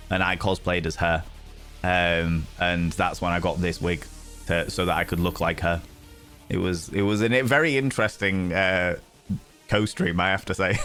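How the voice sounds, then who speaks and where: A man's voice: deep voice, a bit bright. A man chatting casually on a live stream in a flamboyant, theatrical, camp manner, reading out and thanking his chat.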